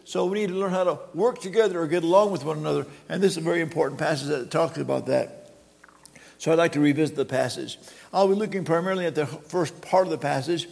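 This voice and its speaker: Older male pastor, sermon, stumbling restarts, gravelly tone, reverberant sanctuary. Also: on the high side, a little mellow. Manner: halting, repeats words, quotes scripture dramatically. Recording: long reverb of a hall.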